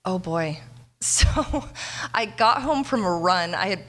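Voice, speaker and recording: A woman in her thirties with a somewhat low voice, speaking as the guest author at a bookstore launch. She talks in a loose, anecdotal way, winding through stories to a live audience. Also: animated, slow pace, a bit bright. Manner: chatty, anecdotal storyteller. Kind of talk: casual onstage conversation. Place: bookstore event before an audience.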